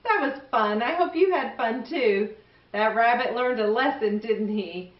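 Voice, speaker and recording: A woman hosting a children's story show, speaking gently and directly to young viewers as she signs off. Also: a little high, a little slow. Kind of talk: friendly sign-off to young viewers. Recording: roomy, distant, muffled sound.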